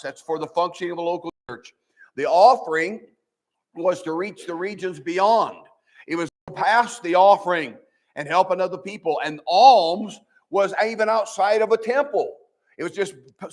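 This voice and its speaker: An older man preaching a midweek sermon in church, earnest and folksy, often restarting his sentences and quoting scripture. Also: sits high. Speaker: pastor. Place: church sanctuary.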